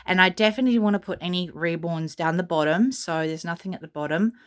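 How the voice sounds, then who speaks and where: Soft-spoken Australian woman touring a nursery. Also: lowish voice, fast talker. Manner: soft-spoken, gushing, rambling with fillers. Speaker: vlogger. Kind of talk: casual home tour narration. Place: home nursery room.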